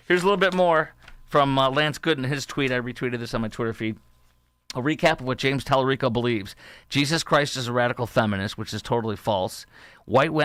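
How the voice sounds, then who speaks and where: A man's voice: medium pitch, a bit bright, clean tone, no room sound, clean studio sound. A man hosting a political talk show, combative and sarcastic, reading quotes aloud and rebutting them. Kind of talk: political commentary monologue.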